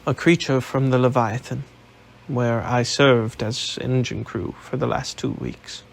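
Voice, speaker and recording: A man's voice: medium pitch, steady tone, unhurried, gravelly. A man reading an audiobook, voicing a proud young Austrian nobleman who speaks formally and indignantly. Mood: earnest, indignant.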